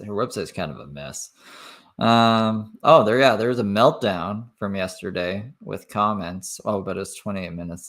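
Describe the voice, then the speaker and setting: A man's voice: fairly low pitch, creaky, fairly bright tone. A man from Canada giving casual reaction commentary, swearing and laughing between remarks. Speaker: reaction streamer.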